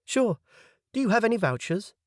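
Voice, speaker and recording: A man putting on a brisk young waitress. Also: high-pitched, sing-song, no room sound, clean studio sound, voice pushed up. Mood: brisk polite. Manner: briskly polite, quoting rules. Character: young female serving girl, brisk, polite.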